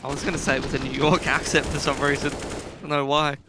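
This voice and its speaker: A man's voice: a little high, flat delivery, quick pace, noisy background. A tired man doing color commentary on an esports match, playful and bantering, laughing often. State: tired, up before dawn.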